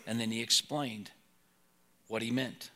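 A man preaching a sermon, telling Bible stories and swinging between loud emphasis and soft asides. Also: mid-range voice, steady tone, a little slow, slight background noise. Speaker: pastor.

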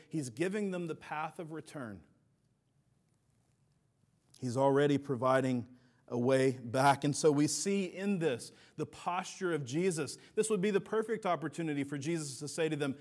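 A middle-aged man delivers a sermon as a pastor. His voice sits a little high for a man. He presses hard on key phrases, then sinks back to a soft, low close. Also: animated, normal speed. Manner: earnest, building to emphatic peaks then dropping soft.

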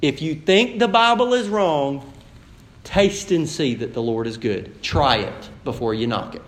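Here a married adult man preaches as pastor in a church sanctuary, where the room sounds echoey. His voice is a little high and animated, a little slow, as he conversationally relates a personal story and addresses the congregation directly.

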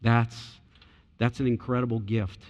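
A man's voice: medium pitch, flat delivery, unhurried. Preaching man in a reverberant hall. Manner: emphatic preaching, rising loud in declarations. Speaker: pastor. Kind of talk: sermon.

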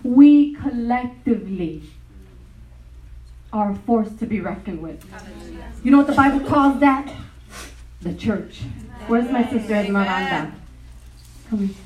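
A woman's voice: a little high, unhurried, pauses often, roomy sound, recorded from a distance, rough recording. A woman giving a sermon at a retreat, telling stories with animation and frequent laughter. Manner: animated storytelling, laughing often. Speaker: retreat speaker. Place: large hall.

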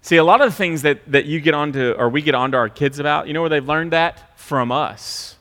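Brief: male pastor, middle-aged, sermon; lightly raised pitch, swings from quiet asides to loud mock voices. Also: a little fast. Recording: long hall reverb.

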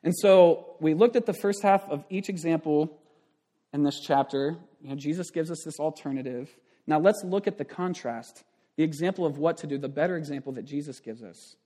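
A man's voice: on the high side, normal speed, warm tone. A man in his thirties, a pastor giving a conversational sermon with frequent asides and restarts.

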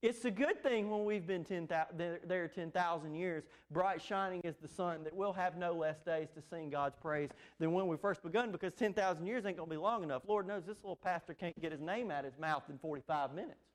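A man's voice: sits high, a little fast, hardly any pauses. A man preaching a sermon as pastor, speaking emphatically and repeating his phrases for weight.

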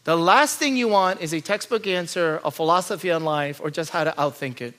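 A male pastor preaching with a high, bright voice. He drops into low, quiet asides, then climbs into loud, urgent pleading. He asks question after question and stacks repeated lines. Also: a little fast. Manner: rhetorical questions and repeated lists. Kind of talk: sermon.

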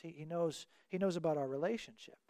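A man's voice: a little high, brisk, mellow, dry recording, clean studio sound. A man teaching a Bible passage verse by verse in an earnest, explanatory way, acting out the quoted dialogue.

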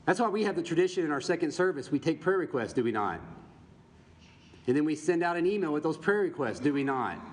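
A pastor preaches to his congregation, teaching from the Bible and putting rhetorical questions to them. His voice is fairly high with big pitch swings and a quick pace, and the recording has long reverb and faint background noise.

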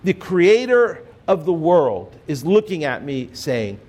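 A man preaching a sermon as pastor, earnest and measured, dropping soft and low on key phrases. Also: sing-song.

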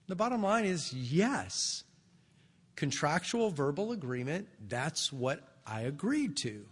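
A man's voice: a little high, sing-song, takes it slowly, slightly rough, long reverb tail. A man preaching an expository sermon in a conversational, explanatory way.

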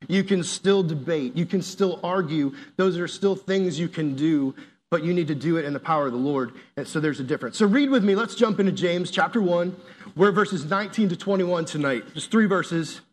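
Animated high-voiced man preaching. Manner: animated, jokey storytelling with laughs. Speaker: youth pastor. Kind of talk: casual sermon.

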